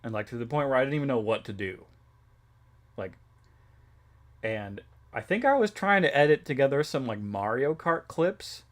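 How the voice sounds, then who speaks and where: A man's voice: medium pitch, animated, moderate pace, long pauses. A young man chatting casually on a live stream, rambling with many fillers and restarts and laughing often. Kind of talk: casual chat.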